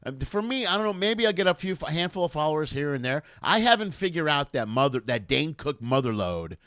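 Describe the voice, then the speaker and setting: A man from Chicago, a comedian hosting a show, telling stories over a video call in a casual, profane, animated way, laughing as he goes. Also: a little high, brisk, dry recording, studio quality. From Chicago, USA. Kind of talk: casual conversational storytelling.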